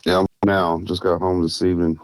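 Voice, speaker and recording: A man's voice: sits low, flat delivery, a little fast, no room sound. A tired man with a mild South Carolina Southern accent, chatting loosely as a podcast guest and laughing easily. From South Carolina, USA. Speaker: guest turkey hunter. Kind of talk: casual podcast chat. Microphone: remote line.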